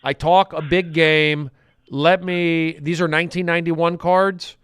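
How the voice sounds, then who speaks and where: A man hosting a comedic podcast in a studio, intense and repetitive, swinging from muttering to loud outbursts. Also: fairly high pitch, flat delivery, unhurried, clean tone, no echo. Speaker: podcast host.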